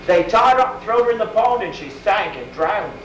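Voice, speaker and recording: A man's voice: high voice, animated, normal speed, a bit bright. A man in costume telling first-person medieval tales in folksy, rustic grammar, talking straight to his listeners and asking them questions. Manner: folksy, rambling, speaks in old-timey rustic grammar. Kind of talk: first-person historical role-play for an audience. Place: school event crowd area. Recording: echoey camcorder sound from far off with faint noise.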